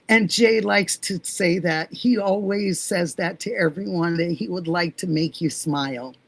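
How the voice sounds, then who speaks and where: A woman's voice: medium pitch, gravelly, slightly rough, dry recording. A middle-aged woman hosting a casual livestream, chatting fondly with viewers and greeting them by name. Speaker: livestream host. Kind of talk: casual livestream chat reading comments.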